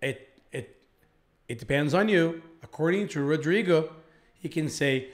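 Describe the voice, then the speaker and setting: Guy teaching english live, slow and careful, repeats stuff, kinda high voice. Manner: slow, repeats phrases for learners. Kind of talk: live online English lesson.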